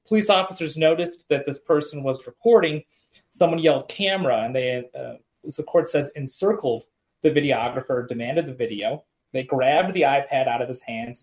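A man's voice: mid-range voice, rough recording. A man co-hosting a podcast, explaining court cases in a casual, explanatory way with frequent ums and self-corrections. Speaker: podcast co-host discussing legal cases. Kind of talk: casual legal discussion.

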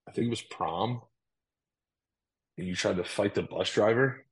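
A man's voice: fairly low pitch, unhurried, breathy edge, low-quality recording. A man co-hosting a podcast, chatting casually and reading an ad loosely with lots of fillers. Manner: laid-back, reads ad loosely with fillers. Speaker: podcast co-host. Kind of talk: casual chat.

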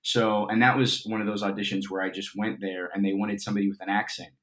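A man's voice: on the low side, quick pace. A young man from Colorado, an actor guest, telling a story in a casual interview with lots of fillers. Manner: chatty, animated storyteller with fillers.

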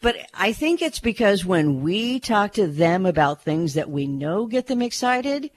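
Lively, chatty woman radio news reporter. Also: medium pitch, measured pace, no room sound. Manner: chatty, laughs while reading news. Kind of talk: radio news update with chat.

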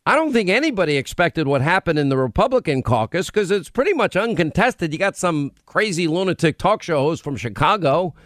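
A man's voice: fairly high pitch, very animated, a little fast, hardly any pauses, a bit bright, dry recording, studio quality. A man hosting a political talk radio show, with a combative, run-on delivery. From United States.

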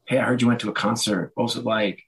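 A man with a hoarse, worn voice tells his stories in an easy, conversational way. His pitch sits in the middle for a man. He acts out the people in his stories, jumping up high for their lines and laughing along the way. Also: quick pace, rough recording. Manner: animated, acts out quotes with pitch jumps, laughs. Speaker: guest author. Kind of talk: casual storytelling conversation.

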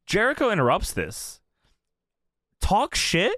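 Animated, profane man recapping wrestling. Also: high voice, slow, no room sound, studio quality. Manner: profane, laughing, animated retelling with impressions. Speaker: podcast co-host. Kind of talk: casual wrestling recap chat.

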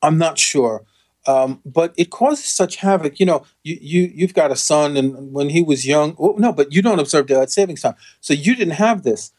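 A man's voice: on the high side, moderate pace, a little mellow. A man co-hosting a casual chat, explaining facts patiently with wry humor. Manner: explanatory, with fillers and restarts, wry. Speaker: co-host.

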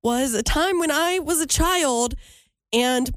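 A woman's voice: sits high, slow, dry recording, clean studio sound. A woman co-hosting a radio show, chatty and giggly as she tells stories. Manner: giggly, animated storyteller. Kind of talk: casual radio banter.

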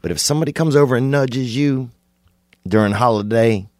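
A man, hosting a podcast and rambling through an absurd comic monologue, laid-back with sudden excited bursts. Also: mid-range voice, fairly quick, no room sound, clean studio sound. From Louisiana. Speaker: podcast host.

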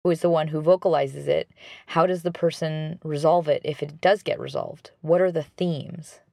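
Woman, relationship advice host, calm, instructive, dry recording. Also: deep voice, normal speed, gravelly, dry recording. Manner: calm, instructive, addresses listener directly. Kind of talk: guided reflection talk.

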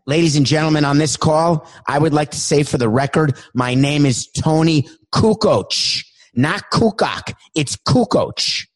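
A man doing a very slow, formal ex-player who insists on how his name is said. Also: mid-range voice.

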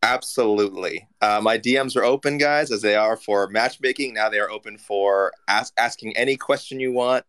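Male co-host, casual, jokey, repeats himself; lowish voice. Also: normal speed, few pauses, a bit bright, clean tone. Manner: rambling, repeats words, jokey. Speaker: regular co-host. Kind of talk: casual chat.

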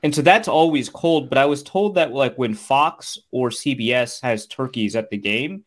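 A man's voice: medium pitch, normal speed. Male podcast co-host, mid-range voice, loose fan chat with lots of ums and restarts. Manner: rambling, many fillers and restarts, acts out quotes. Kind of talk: casual sports chat.

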